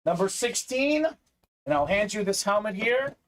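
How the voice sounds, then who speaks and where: Chatty upbeat livestream break host. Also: male voice, sits high, very animated, normal speed, fairly bright tone. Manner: upbeat, chatty, many "uh" fillers, reads viewer comments aloud. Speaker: sports memorabilia break host. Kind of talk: live-stream card break commentary.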